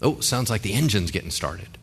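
A man's voice: fairly low pitch, big pitch swings, a little fast, husky. A male pastor giving a sermon in a conversational way, with joking asides and rhetorical questions.

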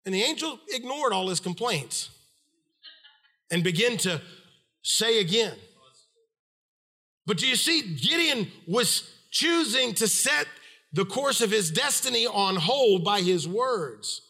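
A middle-aged man preaches a sermon in a bright, forceful voice with lively intonation, speaking slowly and pausing often. He retells a scripture story as storytelling, acting out its people's voices with big swings in pitch.

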